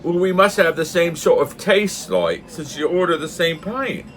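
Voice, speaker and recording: A man's voice: a little high, big pitch swings, moderate pace, a bit bright, slight background noise. A man voicing Pat, a friendly, tipsy male pub drinker in a joke he is telling, chatty and fond of saying "like". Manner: pub-joke storytelling, lots of "like".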